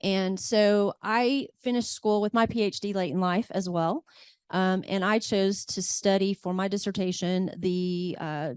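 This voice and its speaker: A middle-aged woman from Oklahoma introduces herself on a seminar panel. Her voice is smooth and resonant, and she talks in a chatty way, full of ums. The sound is dry and close. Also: medium pitch, dry recording. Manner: warm, chatty, with fillers.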